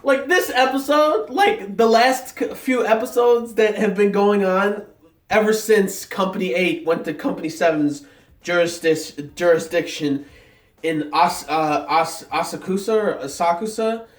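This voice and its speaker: In a casual vlog reacting to an episode, a young man who reviews anime speaks in a high-pitched, unhurried voice. He's excited and hyped, rambling with plenty of fillers and many restarts. The mic sits at a distance in an echoey room.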